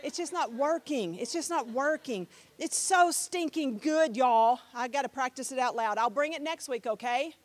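A woman's voice: high voice, moderate pace, hardly any pauses, no room sound. A middle-aged woman teaching a Bible class, chatty and direct, often repeating herself and putting questions to the class.

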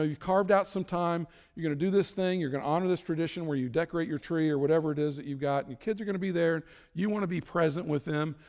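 A pastor preaches to his congregation in a large church hall, speaking in an easy conversational way and acting out people's worried inner voices. His voice is a little high with a darkish tone, and the recording carries long hall reverb.

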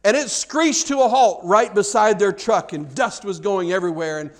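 A man's voice: high-pitched, normal speed. A man preaching a sermon, telling a story with acted-out dialogue and frequent stammered repeats.

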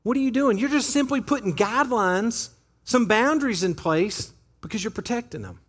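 Pastor, male, lively sermon delivery with a high, swooping voice, talking straight to the congregation. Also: normal speed, slightly rough. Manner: animated, conversational preaching with acted-out quotes. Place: church sanctuary.

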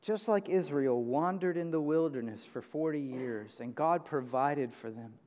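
A man preaching a sermon from a church pulpit, emphatic, jumping from loud high bursts to quiet low lines. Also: measured pace. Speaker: pastor. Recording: reverberant church hall.

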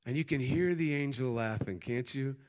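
A male pastor preaching a sermon, building to loud emphatic peaks and then dropping into quiet, easy storytelling. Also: mid-range voice, moderate pace.

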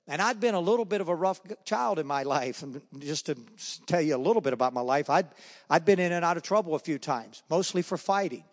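A man giving a spoken faith testimony, telling his story with animated energy and acting out the voices of the people in it. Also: on the high side, quick pace. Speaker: speaker sharing his testimony. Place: church hall or meeting room. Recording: long hall reverb.

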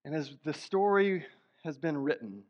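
With an expressive voice on the high side and a moderate pace, a pastor preaches his sermon. He stays earnest and conversational while building into rising bursts of emphasis. The church sanctuary audio is dull, carrying a long hall reverb.

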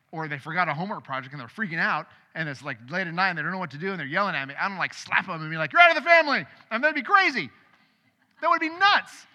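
A middle-aged man preaching a sermon as pastor, conversational and animated, with sudden loud bursts. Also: fairly high pitch. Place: church sanctuary. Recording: long hall reverb.

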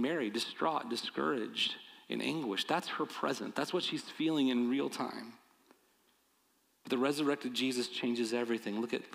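A man's voice: medium pitch, vocal fry, a bit bright, in a large hall, low-quality recording. A male pastor preaching a sermon, earnest and building to emphatic, repeated appeals.

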